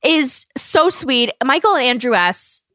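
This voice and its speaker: A woman's voice: high voice, sing-song, unhurried, a bit bright, no echo, clean studio sound. A woman co-hosting a podcast, chatting casually, agreeing readily and laughing often. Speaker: podcast co-host. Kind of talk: casual chat.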